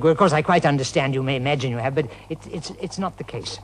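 Older male ex-pilot, fairly high voice, stop-start recollection. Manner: hesitant, repeating words, quickening when quoting others. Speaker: former pilot interviewee. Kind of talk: archival interview recollection.

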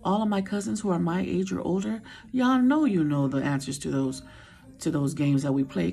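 Here the middle-aged vlogger's voice is fairly low and mellow, slightly rough with vocal fry, at a moderate pace. She's chatty and playful in her weekly catch-up with viewers, singing along and sometimes lowering to a whisper.

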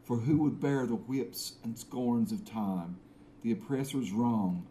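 Brief: man doing a mock-English Hamlet, dark mellow tone, hammy dramatic recitation. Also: mid-range voice, takes it slowly, lightly acted. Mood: solemn. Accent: put-on English. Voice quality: theatrical, self-consciously grand.

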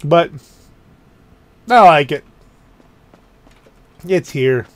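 A man's voice: fairly high pitch, expressive, very slow, fairly bright tone, no room sound. A man giving a rambling, casual commentary while touring his car garage in a video game, often stopping to correct himself. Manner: rambling, self-correcting, chatty. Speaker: gaming channel host. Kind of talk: casual let's-play commentary.

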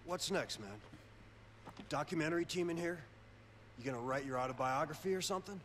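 An actor playing a tough, weary male biker in a video game, gruff and sarcastic. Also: fairly high pitch, a little fast, background noise, natural voice. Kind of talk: video game cutscene acting. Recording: game audio under gunfire and engines.

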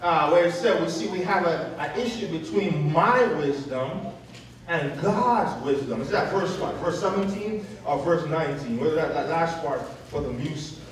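A man preaching a sermon in a church, lively and animated, calling out for the congregation to fill in the words. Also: a little high, normal speed. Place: church sanctuary. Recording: echoey church from a distant mic.

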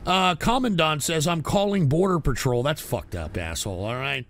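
A man hosting a call-in show, loud, abrasive and swearing as he banters with callers. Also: on the high side, lively intonation, normal speed. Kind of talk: profane call-in radio banter.

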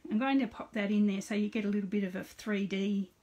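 A woman's voice: mid-range voice, fairly even intonation, fast talker, warm tone. A middle-aged woman hosting a casual live card-making demonstration. She chats with viewers by name and narrates each step aloud.

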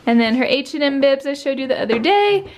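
A woman's voice: high-pitched, expressive, quick pace. A young woman, a mom, chatting casually to the camera in a family vlog, often cooing to her baby in a sing-song voice. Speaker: vlogger mom. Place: home.

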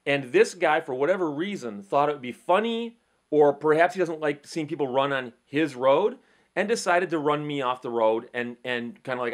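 Male host, middle-aged, pitched a bit high; chatty storyteller who stumbles over repeated words. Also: moderate pace. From Michigan, USA. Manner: animated storyteller, frequent repeats and restarts. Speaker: legal commentary host. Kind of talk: casual explainer talk.

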